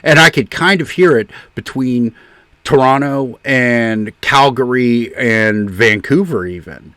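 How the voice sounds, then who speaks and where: A man from the US South chats casually on a late-night stream. He rambles along at a middle pitch and drops into playful put-on accents. The sound is dry and close. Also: slow, a bit bright, dry recording. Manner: chatty, puts on playful accents. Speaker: streamer host. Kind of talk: casual chat.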